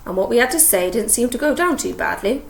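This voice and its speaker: Gravelly woman reading a story. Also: on the high side, fast talker. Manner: steady storytelling. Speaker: audiobook reader. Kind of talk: audiobook narration. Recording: echoey room.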